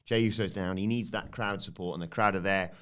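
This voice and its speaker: A man's voice: low-pitched, steady tone, fairly quick, fairly bright tone, clean tone. A man hosting a casual wrestling podcast, joking, laughing often and acting out quotes. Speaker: podcast host.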